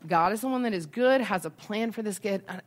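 A woman's voice: mid-range voice, brisk. A young adult woman giving a casual Christian parenting talk in a conversational way, often checking in with "right?".

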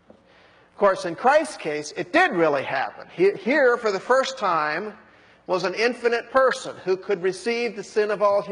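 A man preaching a sermon, who breaks into high, jeering voices when acting out mockers. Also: a bit bright, slightly rough, big-room sound.

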